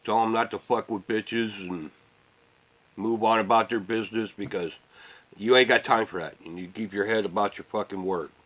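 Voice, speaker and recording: A man's voice: steady tone, moderate pace, fairly bright tone, poor audio. Middle-aged man, casual vlog rant, swears constantly, rambles and trails off into mumbling. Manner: rambling, profane, trails off into low mutters. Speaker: vlogger.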